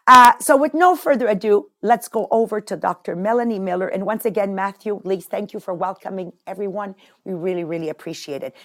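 A woman with a French Canadian accent hosting a motivational podcast, talking in an animated, emphatic way and repeating words for effect. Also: medium pitch, moderate pace. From Quebec. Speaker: podcast host. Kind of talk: casual motivational talk.

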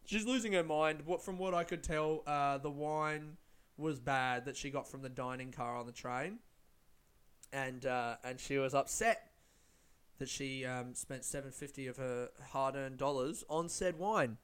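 A man's voice: mid-range voice, a little slow, fairly bright tone, clean tone. A young man telling a story in a rambling way, swearing often. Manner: rambling, lots of swearing and fillers. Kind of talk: casual storytelling.

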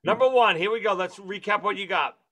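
A man in casual chat, chiming in quickly and running through a list. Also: sits high, a bit bright. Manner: quick back-channel, reads out a ranked list.

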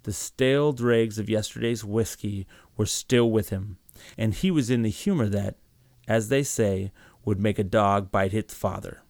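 A man reads a story aloud at a steady, measured pace. His voice sits on the low side. The recording is close and dry, with no room sound. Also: dry recording. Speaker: narrator. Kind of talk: storybook reading.

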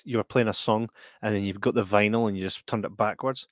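A man's voice: on the low side, fairly even intonation, quick pace, dry recording. Scottish male podcast co-host, easygoing, dry close-mic sound. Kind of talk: casual chat.

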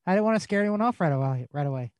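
A man's voice: high-pitched, expressive, very fast, a little mellow, dry recording. A man co-hosting a racing podcast, joking about himself while he welcomes listeners. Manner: jokey, self-deprecating. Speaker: podcast co-host. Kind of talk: casual racing podcast chat.

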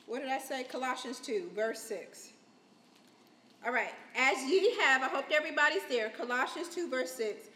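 Woman preacher, high bright voice, emotional testimony, recorded in a reverberant hall. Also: lively intonation, normal speed. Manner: emotional testimony, swells loud and high at key points. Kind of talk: sermon. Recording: echoey hall.

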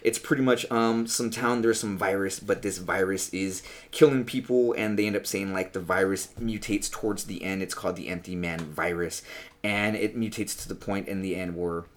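A young man rambles through a comic book review on a podcast, swearing freely and calling everyone dude. His voice sits on the low side for a man. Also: fairly even intonation, moderate pace. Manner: profane, rambling, says dude a lot. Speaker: podcast co-host.

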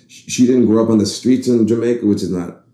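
A man's voice: on the low side, quick pace, dark tone. A young man from the Bahamas in casual conversation, talking reflectively and rambling with frequent restarts. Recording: roomy echo.

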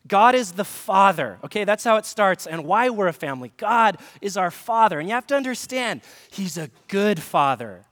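A man's voice: sits high, expressive, fairly quick, few pauses, fairly bright tone, long reverb tail. A man, a pastor, giving a conversational sermon with humor and direct questions to the congregation. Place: church sanctuary.

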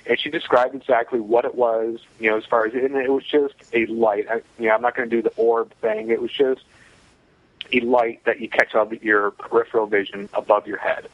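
A man recounts a story in an easygoing, matter-of-fact way, with plenty of "you know" fillers. His voice sits at an ordinary pitch. The sound is dry and a little muffled. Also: steady tone, fairly quick, no echo. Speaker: guest telling a personal story. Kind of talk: casual storytelling.

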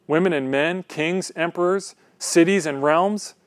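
A man reading aloud as a great male lion who speaks in a heavy, measured, unbending way. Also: a little high, dry recording, studio quality, voice pushed up, close to an everyday voice. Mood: solemn. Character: vast calm male lion, solemn and unbending.

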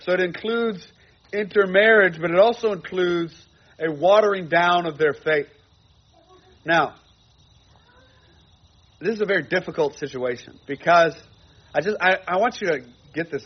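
A man's voice: fairly high pitch, normal speed, pauses often, lo-fi sound. A man preaching a sermon to his congregation, earnest and repeating phrases for emphasis. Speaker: pastor.

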